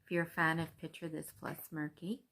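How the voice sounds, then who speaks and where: A Canadian cross-stitch vlogger talks cheerfully and casually to her viewers about her stitching, saying "um" often. Her voice is low and fairly bright, with a level tone and a brisk pace.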